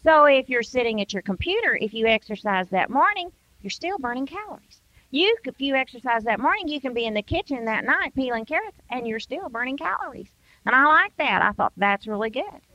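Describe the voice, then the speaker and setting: A woman's voice: sits high, big pitch swings, fairly quick, bright, forceful tone, dry recording. Older woman giving an emphatic devotional talk. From United States. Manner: emphatic, acts out excuses in quoted voices. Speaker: Christian women's speaker. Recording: dull, dry sound.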